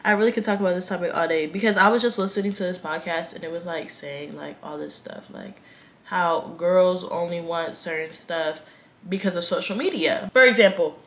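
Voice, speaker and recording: Her voice is lowish and brisk, with a bit of hiss or hum in the audio. The speaker, a twenty-year-old Southern-accented vlogger from Atlanta, Georgia, chats to camera dramatically and leans hard on slang.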